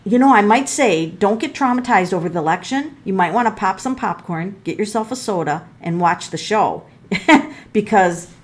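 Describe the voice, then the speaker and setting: A woman's voice: medium pitch, lively intonation, normal speed. A middle-aged woman doing a casual tarot reading for her viewers. She thinks aloud, exclaims and gasps at the cards, and calls her viewers folks. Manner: talks straight to viewers as folks. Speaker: tarot reader and numerologist.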